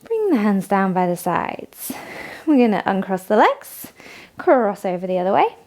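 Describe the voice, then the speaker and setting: A woman leading a morning yoga class, giving calm step-by-step cues and frequent praise. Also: mid-range voice, normal speed. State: has the hiccups. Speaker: yoga instructor. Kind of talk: guided yoga class instruction.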